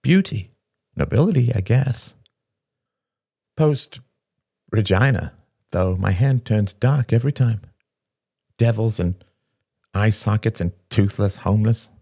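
A man voicing a weary, glib young man who speaks softly. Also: lowish voice, slow, creaky, pauses often, breathy edge, no room sound, clean studio sound, voice pushed up, full character voice. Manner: soft, deflecting.

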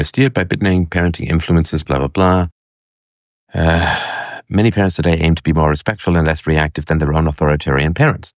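Very deep-voiced man, dry sardonic commentary. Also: dry recording. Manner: hesitant, many fillers, scornful asides. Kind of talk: commentary reading and reacting to an article and a clip.

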